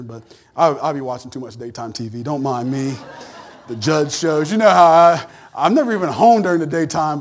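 A man preaching a sermon, emphatic and animated with joking asides. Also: fairly high pitch. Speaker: pastor.

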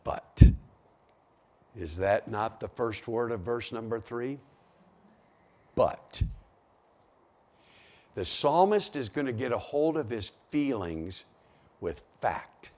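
A man preaching a sermon, swinging from hushed asides to shouted cries as he acts out the psalmist. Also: medium pitch, expressive, slow, long pauses.

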